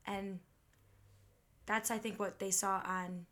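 A woman's voice: mid-range voice, little pitch movement, takes it slowly, fairly bright tone. A woman from the Midwest co-hosting a podcast in casual chat, blunt and teasing and swearing freely. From Huntley, Illinois.

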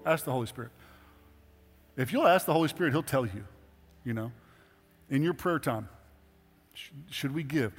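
Earnest middle-aged pastor in a reverberant hall. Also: male voice, mid-range voice. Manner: conversational and earnest, rising to emphatic exhortation. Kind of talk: sermon. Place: church sanctuary. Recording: hall reverb with faint music.

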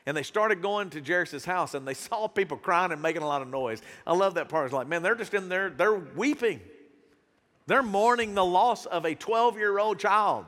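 Man preaching, bright high voice, animated delivery, casual slang, long hall reverb in a church. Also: normal speed. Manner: animated, acts out Bible characters in voices; casual slang, southern-tinged phrasing. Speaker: pastor. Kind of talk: sermon.

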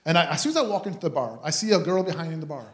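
Animated high-voiced French-Canadian preacher. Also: male voice, rapid-fire, roomy sound. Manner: animated, chatty, many restarts. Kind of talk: testimony storytelling.

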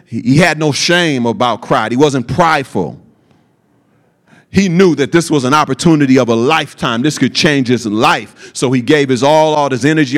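Casting: male preacher, unhurried deliberate delivery, emphatic, folksy asides to the congregation. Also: a bit bright. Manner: slow, emphatic preaching with sudden high acted quotes and folksy asides. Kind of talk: sermon.

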